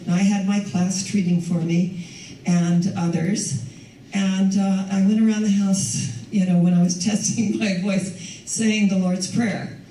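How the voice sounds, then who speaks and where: A woman's voice: medium pitch, level tone, measured pace, dark tone, a little hiss or hum. An older woman minister giving a conversational sermon, laughing often, her voice a little strained after losing it recently. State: recovering from lost voice. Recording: echoey hall from far off.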